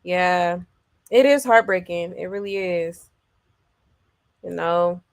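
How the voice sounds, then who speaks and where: A woman hosting a celebrity gossip livestream, chatting casually and filling pauses with "um" and "okay". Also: lowish voice, smooth, no echo. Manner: loose and chatty, full of "um" and "okay" check-ins; reads viewer comments aloud. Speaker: celebrity gossip show host.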